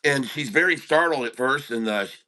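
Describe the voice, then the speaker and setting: Bright-voiced man telling a joke. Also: medium pitch, brisk. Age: middle-aged. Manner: chuckling, rambling storyteller. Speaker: day-trading livestream host.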